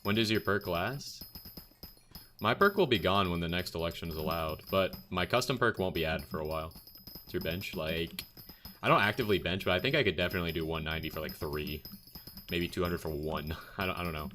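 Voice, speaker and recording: A young man with a very low, bright-edged voice chats on a live stream, fielding viewer questions in a blunt, offhand way. Soft music plays faintly behind him. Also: brisk. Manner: chatty, blunt, answers chat questions. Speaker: game streamer.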